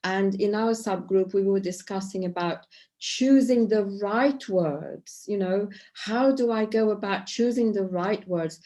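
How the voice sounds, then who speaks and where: A woman's voice: mid-range voice, unhurried, warm tone. A middle-aged woman leading a tapping workshop on a video call. She is encouraging and often checks in with "okay?". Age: middle-aged or older. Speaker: EFT tapping workshop leader.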